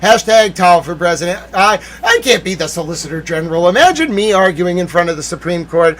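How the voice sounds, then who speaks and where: A man's voice: sits high, expressive, fairly quick, few pauses, a bit bright. A young man hosting a livestream, rambling through a playful, mock-boastful joking monologue. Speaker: streamer host.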